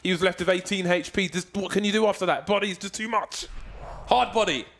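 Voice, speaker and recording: A man doing playful, joking esports color commentary that builds to excited calls. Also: high voice, quick pace, slight background noise.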